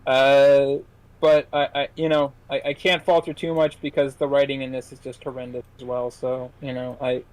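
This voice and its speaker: A man co-hosting a film podcast, reviewing a movie in casual chat with many halting restarts and fillers. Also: mid-range voice, level tone, rough recording. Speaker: podcast co-host, film critic.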